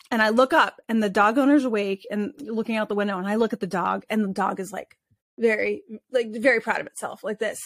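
Brief: expressive woman guest, higher voice, dry close sound, chatty storytelling with restarts. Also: no echo. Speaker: animal communicator guest. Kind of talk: casual storytelling interview.

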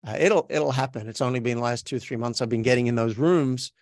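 A man's voice: mid-range voice, a little fast, no echo, studio quality. A man with an Australian accent, talking as an interview guest in a chatty, self-reflective way, often restarting his sentences. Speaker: guest, actor. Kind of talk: podcast interview.

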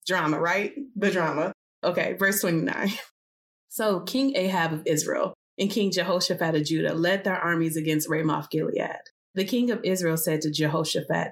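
A woman reading a biblical passage aloud in a relaxed, chatty way, with casual asides between sections. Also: on the low side, normal speed. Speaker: scripture reader.

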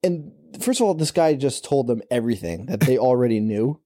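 Man, podcast co-host, mellow dark voice, sarcastic casual chat. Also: mid-range voice, lively intonation, a little fast. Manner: sarcastic, joking. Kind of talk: casual movie recap chat.

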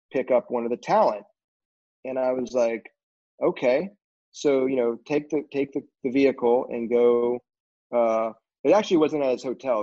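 A man in casual conversation, telling rambling, animated stories about his career in film, with lots of fillers and restarts. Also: mid-range voice. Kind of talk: casual storytelling interview. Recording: dull lo-fi audio.

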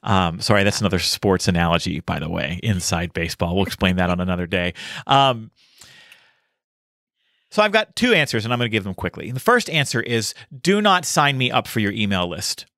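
A man hosting a podcast, talking casually about his speaking and consulting work with analogies and quick asides. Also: fairly low pitch, big pitch swings, fairly bright tone, no echo, clean studio sound.

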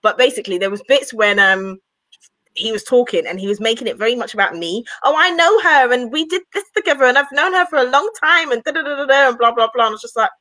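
A woman chatting on a podcast in a high, bouncing voice that is bright and sharp. She talks bluntly, with a playful edge, and the recording is close and dry. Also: quick pace, no room sound, rough recording. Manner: animated, laughing, playfully blunt. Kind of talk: casual podcast chat.

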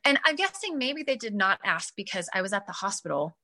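Brief: woman guest, bright tone, animated personal storyteller. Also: mid-range voice, brisk. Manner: animated, acts out her own past reactions. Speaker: guest, mother telling her son's story.

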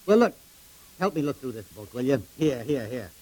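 An actor playing a fussy, easily flustered middle-aged husband in a 1950s radio comedy, sputtering and indignant. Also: male voice, mid-range voice, very animated, moderate pace, dark tone, poor audio.

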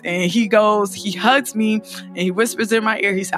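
A woman guest tells her own story in an interview, emotional and open. She has a bright, clear tone and acts out other people's lines with sudden high pitch. Soft music plays faintly behind her. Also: fairly even intonation, normal speed.

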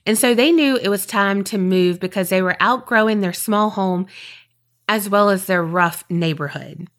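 A woman's voice: medium pitch, normal speed, a bit bright. A woman with a Southern US accent, co-hosting a podcast with rambling, chatty talk and then telling a story. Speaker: podcast co-host. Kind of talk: casual chat and storytelling.

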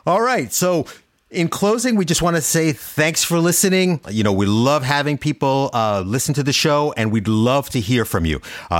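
A man co-hosting a medical podcast, explaining things in a relaxed, friendly way. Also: mid-range voice, no echo, studio quality. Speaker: podcast co-host, doctor. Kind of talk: casual podcast chat.

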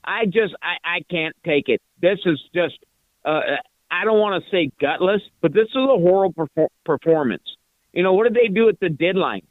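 Over a tinny phone line, an older man calls a sports radio show as a listener, furiously ranting as an angry fan. His voice sits high with lively intonation at normal speed and no room sound, and he stumbles over repeated words.

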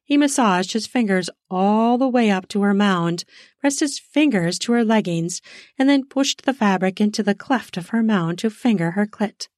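A woman narrates an erotic story in an unhurried, intimate voice of middle pitch. The sound is dry and close to the mic, with no room around it. She reads as the podcast's own host. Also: darkish tone, dry recording.

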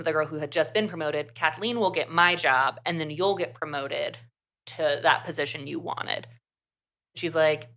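A young woman co-hosting a podcast, casually retelling a book's plot in an animated way, full of "like". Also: sits low. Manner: chatty, animated retelling with lots of "like". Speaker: podcast co-host. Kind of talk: casual book review chat.

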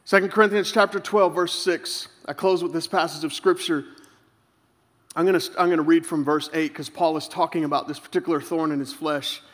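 Male pastor, high bright voice, animated storyteller, sermon in a reverberant hall. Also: brisk. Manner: animated storytelling, acts out quotes with big pitch jumps and laughs.

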